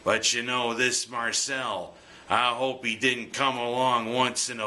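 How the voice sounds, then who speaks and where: A man's voice: medium pitch, steady tone, unhurried, pushed and bright. A man giving jokey, punning scripted sports commentary as host. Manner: jokey, punning, breaks into goofy singing.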